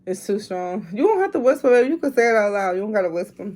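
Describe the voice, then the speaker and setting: A mother vlogging at home takes on a drinking challenge, casually chatting to her audience and groaning with effort as she goes. Her voice is fairly high and darkish in tone, sing-song, and very fast.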